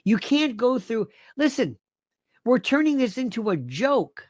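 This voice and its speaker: A woman's voice: fairly high pitch, very animated, measured pace, a little mellow, dry recording. A woman speaking on a casual live panel chat, exasperated and emphatic.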